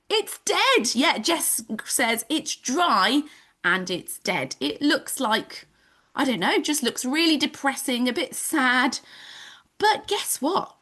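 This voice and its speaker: With a high, bright and forceful voice, a woman teaches children an online nature lesson on a video call. She's a home educator with a bubbly, sing-song way of speaking.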